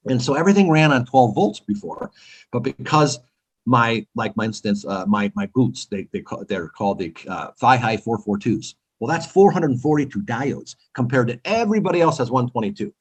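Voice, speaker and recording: A California company founder answers questions in a casual interview with eager, talkative energy, like a salesman's pitch. His husky voice is expressive at a moderate pace, and the recording is rough.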